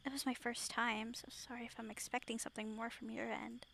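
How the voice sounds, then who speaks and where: A woman reading the lines of a shy, eager young heroine from a story game aloud, soft and half-whispered. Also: fairly high pitch, level tone, brisk, gravelly, very noisy. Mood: coy.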